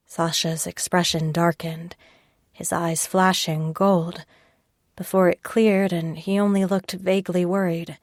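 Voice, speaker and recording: A woman reading a first-person audiobook in a calm, measured way on a close mic. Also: fairly low pitch, dry recording. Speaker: audiobook narrator. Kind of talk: scripted first-person narration.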